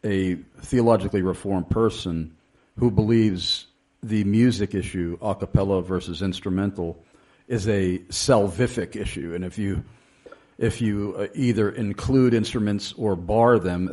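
A man hosting a radio interview, talking in a deliberate way with frequent pauses and fillers. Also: on the low side, darkish tone. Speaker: radio show host. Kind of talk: interviewing a guest on a radio show.

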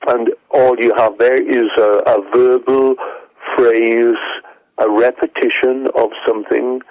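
A man speaks as a radio guest, preaching emphatically, his pitch leaping up on the points he stresses. His voice has a gravelly edge. The sound is dull and lo-fi, like a phone line with no room around it. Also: level tone, unhurried, no room sound. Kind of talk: radio call-in answering questions.

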